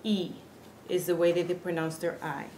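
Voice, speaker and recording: A woman giving a casual pronunciation lesson, speaking earnestly and slowly repeating each sound to demonstrate it. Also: on the low side, flat delivery, a little mellow. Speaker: Spanish pronunciation teacher. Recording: echoey room with faint background hiss.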